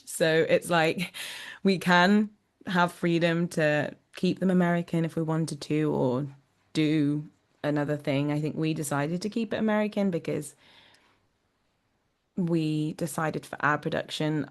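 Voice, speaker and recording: A young woman with a low speaking voice talks casually about her stage work as an interview guest. She rambles a little, filling her talk with "like" and "um," and laughs easily. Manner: chatty, laughs often, many fillers. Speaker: musical theatre actor, guest.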